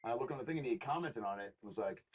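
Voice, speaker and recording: Rapid-fire and husky, a mid-range male voice belongs to a comedian and actor telling meandering, profane stories with lots of animation. The setting is a casual interview where he is the guest.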